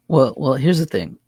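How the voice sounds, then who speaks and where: A man's voice: on the high side, a little mellow, breathy edge, no room sound. A man hosting a casual chat, rambling through a story with restarts and chuckles. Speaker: channel host.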